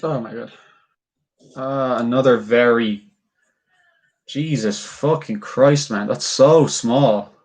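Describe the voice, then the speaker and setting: A man's voice: medium pitch, slow, long pauses, darkish tone, slightly rough. A man chatting casually with live viewers while he carves, rambling, swearing freely, and laughing often. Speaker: livestreamer.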